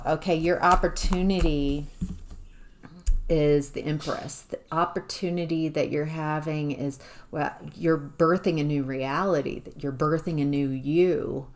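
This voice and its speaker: Slow, low-voiced woman reading tarot. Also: darkish tone. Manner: musing, halting, exclaims in surprise. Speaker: tarot reader. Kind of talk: intuitive tarot reading to the viewer.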